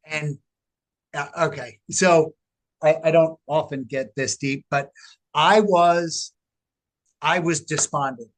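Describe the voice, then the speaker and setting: A middle-aged man, a researcher, telling his story in an interview with animated, emphatic delivery. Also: a little high. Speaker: guest, researcher. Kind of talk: casual interview talk.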